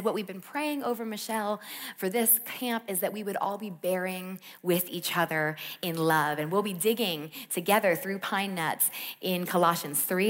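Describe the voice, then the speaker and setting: A woman preaching at a camp, switching between chatty, animated storytelling and quiet, earnest reflection. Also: fairly low pitch. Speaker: camp speaker. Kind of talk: sermon.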